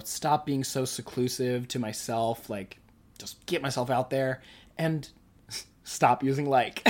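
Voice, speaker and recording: A person in their early twenties hosting a casual solo podcast, rambling and chatty, often breaking into laughter and talking to themself. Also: medium pitch. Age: early 20s. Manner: self-conscious, chatty, talks to self. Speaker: podcast host.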